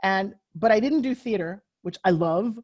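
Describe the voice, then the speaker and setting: Energetic motivational woman speaker. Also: mid-range voice, normal speed. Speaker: guest. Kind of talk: podcast interview.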